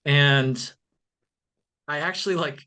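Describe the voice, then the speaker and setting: A man's voice: a little high, slow pace, bright, forceful tone, clean tone. A man speaking as a podcast guest in a casual interview, earnest and reflective, with frequent "um" and "like". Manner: earnest, reflective, many fillers.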